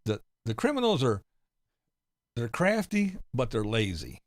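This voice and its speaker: A man's voice: mid-range voice, huge pitch swings, measured pace, no room sound, clean studio sound. A middle-aged man from the United States, hosting a casual livestream chat, rambling and often laughing and swearing. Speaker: livestream host reading chat.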